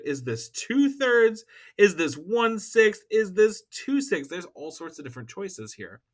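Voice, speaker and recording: Lively upbeat man teaching math. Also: a little high. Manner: upbeat, talks to students, checks with "all right?". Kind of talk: math lesson walkthrough.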